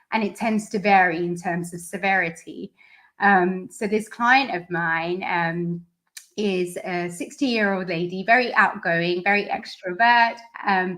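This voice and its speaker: A woman speech therapist speaks in an interview, earnest and explanatory. She walks through examples one step at a time, in a mid-pitched, everyday voice. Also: a bit bright. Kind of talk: interview answers.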